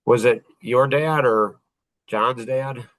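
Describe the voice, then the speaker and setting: A podcast host telling a personal story in a reflective, halting way, with pauses and restarts. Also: male voice, medium pitch, no echo, rough recording.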